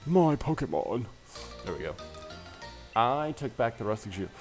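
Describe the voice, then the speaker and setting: A man narrating his video game run with playful, animated commentary that swings widely in pitch. Faint music plays underneath. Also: moderate pace. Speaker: let's play host. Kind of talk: gameplay commentary.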